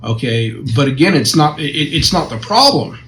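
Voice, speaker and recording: A man's voice: fairly high pitch, animated, moderate pace, a bit bright, a little hiss or hum, low-quality recording. Reflective man reading and commenting. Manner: reflective, reads passages then comments. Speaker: recovery counselor and podcast co-host. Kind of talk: casual discussion with reading aloud.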